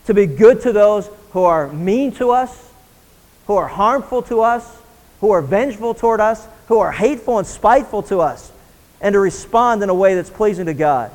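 A man's voice: high voice, big-room sound, poor audio. A man preaching a sermon as a pastor, earnest and rising in intensity on key points. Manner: earnest preaching, rising and pressing when emphatic.

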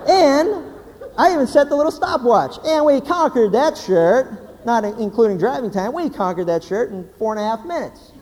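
A man, a pastor, giving a humorous sermon as an animated, joking storyteller. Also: very high voice, moderate pace, hardly any pauses. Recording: hall reverb, faint background noise.

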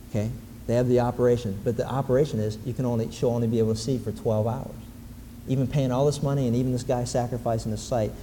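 A man preaching a sermon, animated and emphatic, building to loud repeated exclamations. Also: mid-range voice, slight background noise. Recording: long reverb in a large hall, faint ambience.

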